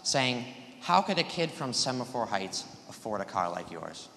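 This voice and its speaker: A man's voice: mid-range voice, sing-song, moderate pace, vocal fry, fairly bright tone, a little hiss or hum. A teenage boy cross-examining a witness in a mock trial, pressing with leading questions and cutting in for yes-or-no answers. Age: teens. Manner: pressing, cuts in with yes-or-no demands. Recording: echoey room with long reverb.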